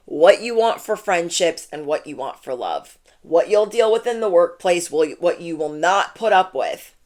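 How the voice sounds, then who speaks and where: A woman giving a channeled tarot reading, talking casually and bluntly and repeating her points for emphasis. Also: lowish voice. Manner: emphatic and repetitive, lots of "like". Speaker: tarot reader.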